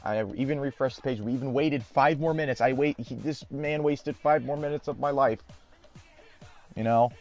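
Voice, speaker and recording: A man's voice: mid-range voice, normal speed, a little mellow. Man, gaming video host, casual storytelling, exasperated, swears casually, faint background music. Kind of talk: casual storytelling over gameplay.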